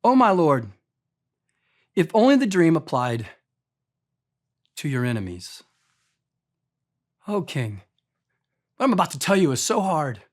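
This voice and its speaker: A man voicing a humble, respectful male prophet who speaks softly and reverently to a king. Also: extremely high pitch, sing-song, a little slow, heavily acted.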